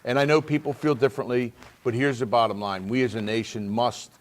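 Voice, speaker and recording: A man's voice: medium pitch, steady tone, brisk. A man from Pennsylvania, a state representative, talking casually on a talk show in an earnest way, with many restarts.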